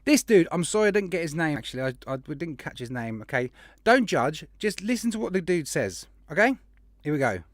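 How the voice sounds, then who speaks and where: A man hosting a casual livestream podcast, chatty and jokey, rattling off shout-outs to viewers. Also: on the high side, big pitch swings, fairly quick, dry recording, clean studio sound. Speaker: podcast host.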